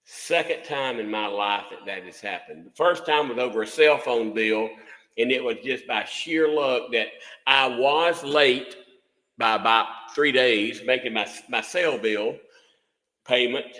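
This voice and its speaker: Older man, sixties, drawl, folksy rambling host, bright voice, reverberant room. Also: medium pitch, a little slow. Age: 60s. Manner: rambling, folksy, repeats words. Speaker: livestream host, music instructor. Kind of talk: casual livestream chat.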